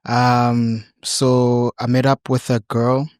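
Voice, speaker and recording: A young man in his early twenties, a podcast guest telling a personal story haltingly with many ums. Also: medium pitch, monotone, a little mellow, clean tone, dry recording, studio quality. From South Africa. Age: 20s.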